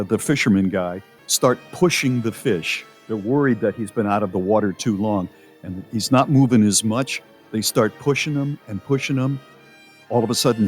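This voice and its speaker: A male radio host telling a story in a casual, animated way. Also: mid-range voice, dry recording.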